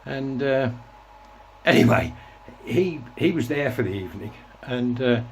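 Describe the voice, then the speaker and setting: A man in his sixties sits and reminisces for his own show, his voice mid-pitched and ordinary. He tells his story in a loose, reflective ramble, circling back and restarting his sentences as he goes. A faint hum of background noise sits under his talk. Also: expressive, a little slow. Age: 60s. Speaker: host. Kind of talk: casual reminiscing monologue.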